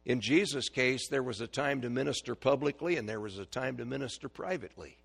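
Male preacher, gravelly and husky, folksy sermon, asks the pews questions. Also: mid-range voice, fairly quick, fairly bright tone. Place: church.

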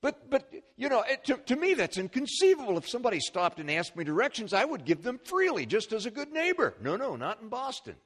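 A male pastor preaching a sermon, animated, with restarts and repeated words and side remarks to the congregation. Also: very high voice, a little fast, hardly any pauses.

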